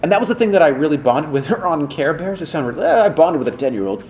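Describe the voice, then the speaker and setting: A man who works as a voice director and voice actor, answering podcast questions in rambling, animated stories full of fillers and restarts. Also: on the high side, quick pace, a little hiss or hum. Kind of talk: casual podcast interview storytelling.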